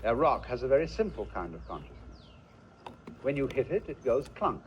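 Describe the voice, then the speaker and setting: A man's voice: on the high side, a little mellow, a little hiss or hum. Guy giving a musing philosophy lecture, voice swoops around a lot, old muffled tape sound. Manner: musing, rhetorical, asks the listener questions. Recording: dull lo-fi archival lecture recording.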